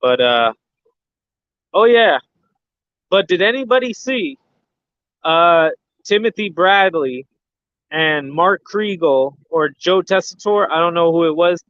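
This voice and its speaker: A man's voice: a little high, lively intonation, slow, long pauses, a bit bright, smooth, no echo. A man hosting a boxing livestream in casual chat, rambling with lots of fillers and restarts. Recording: dull lo-fi sound.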